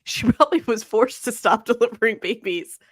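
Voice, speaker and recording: A woman's voice: fairly high pitch, animated, brisk, no room sound, studio quality. A woman interviewing a guest in casual chat, asking loose, rambling questions full of fillers. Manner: chatty, many fillers, leading questions.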